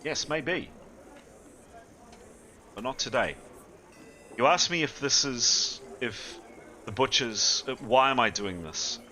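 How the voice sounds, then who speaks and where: A man voicing an older woman, a proud and stubborn former mercenary commander, in a low, measured, emotional way. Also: expressive, bright, forceful tone. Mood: defiant.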